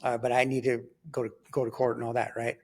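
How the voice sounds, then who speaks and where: A man, telling his life story in a casual, animated way, acting out quotes and laughing as he goes. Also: mid-range voice, fast. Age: 50s. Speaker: guest telling his testimony. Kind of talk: conversational storytelling.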